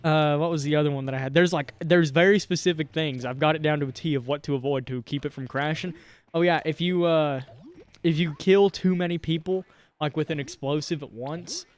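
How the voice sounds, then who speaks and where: Casual young guy rambling on a gaming podcast, kinda high voice, jokey. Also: brisk. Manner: rambling, jokey, laughs often. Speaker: podcast co-host.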